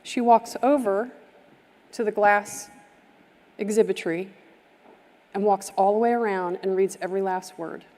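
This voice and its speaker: At a summit, a woman with a mid-range, darkish voice delivers a storytelling keynote, bringing a heartfelt tale to life through vivid detail and by acting out its characters. The audio comes from a live stream in a reverberant hall.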